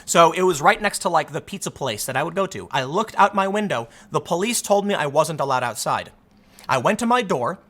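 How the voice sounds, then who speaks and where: A man in his thirties giving casual, sarcastic commentary and telling stories in an animated, mocking way. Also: fairly high pitch, fairly quick.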